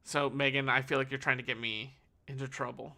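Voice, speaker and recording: A man's voice: medium pitch, level tone, brisk, bright, forceful tone. A man calling a card game tournament solo, analytical and thinking aloud, correcting himself as he goes. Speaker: tournament caster.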